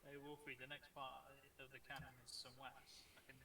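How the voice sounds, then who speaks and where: A man playing a tabletop game, giving quiet terse replies over a distant mic with background noise. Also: mid-range voice, little pitch movement, a little fast, roomy sound. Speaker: player. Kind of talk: casual tabletop play.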